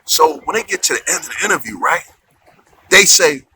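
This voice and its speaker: A man telling a comic story in an animated, colloquial, conversational way. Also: on the high side, a little fast. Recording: clear background noise.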